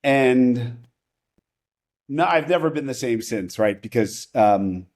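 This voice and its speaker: Speaking slowly and expressively at medium pitch, with a slightly mellow sound, a podcast guest shares a personal story. His casual talk rambles, with restarted sentences and frequent "right?".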